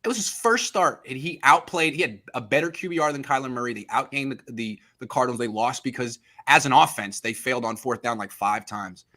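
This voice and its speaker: A man's voice: medium pitch, a little fast, hardly any pauses, pushed and bright. A man hosting a sports podcast, venting heatedly about a quarterback's performance. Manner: heated, ranting, mimics the quarterback in quotes. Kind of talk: animated sports talk.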